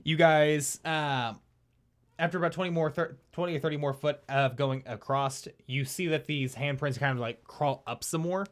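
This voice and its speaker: A man's voice: a little high, fairly even intonation, moderate pace. A man narrating a tabletop game as dungeon master, in a loose, hesitant way full of fillers and restarts.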